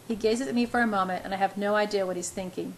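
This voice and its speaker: Woman, story reader, first-person narration, steady, mid pitch, faint noise. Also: fast talker, rough recording.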